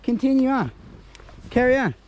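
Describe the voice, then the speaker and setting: A big, aloof male dog speaks in a high, haughty voice, put on by a man. He sounds dismissive and bossy, like a pet with no patience for his owner. There is clear outdoor noise around him. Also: very animated, normal speed, darkish tone, dull audio. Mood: snooty.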